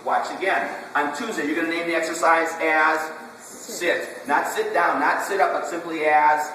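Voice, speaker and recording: A man's voice: on the high side, fairly even intonation, normal speed, sharp tone. A man teaching a puppy training class, quizzing the handlers and repeating short commands in a drill-like way. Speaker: dog trainer. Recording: echoey hall, distant camera, room noise.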